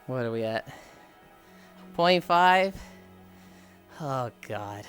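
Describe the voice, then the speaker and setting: A man's voice: mid-range voice, expressive, extremely slow, fairly bright tone, smooth. A man streaming while walking, chatting casually, rambling with frequent sighs and casual swearing. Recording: faint music behind.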